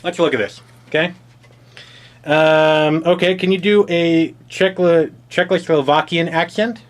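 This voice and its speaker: A man's voice: on the high side, fairly even intonation, unhurried. Dry, sardonic male board game reviewer. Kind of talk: game review and rules explanation.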